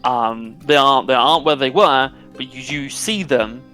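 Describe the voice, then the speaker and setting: A man's voice: medium pitch, normal speed, sharp tone, faint music behind. A man narrating a tabletop game as game master in a casual way, with many fillers.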